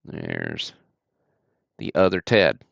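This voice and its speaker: Male livestream host, very low gravelly voice, relaxed chatty delivery. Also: extremely slow, no room sound, lo-fi sound. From Alabama. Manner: easygoing, chatty running commentary. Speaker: host of a card-break livestream. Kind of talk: casual livestream commentary.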